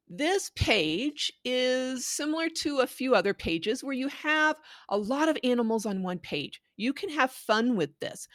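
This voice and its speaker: A woman educator giving clear, patient instructions on how to read a picture book aloud to a child. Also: high-pitched, expressive, unhurried, few pauses, fairly bright tone, dry recording, studio quality. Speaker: Spanish language educator. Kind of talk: instructional talk on reading aloud.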